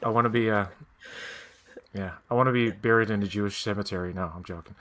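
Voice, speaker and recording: A man's voice: on the low side, steady tone, fast talker, a bit bright. A man co-hosting a podcast, chatting casually and rambling with joking asides. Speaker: podcast co-host. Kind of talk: casual chat.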